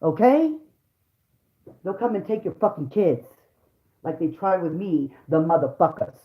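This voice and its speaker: A woman's voice: on the low side, normal speed. Woman ranting hotly in a roomy space. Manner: heated, profane, repetitive, talks straight to viewers. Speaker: vlogger, mother. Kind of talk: angry profane rant to camera. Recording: roomy, dull lo-fi sound.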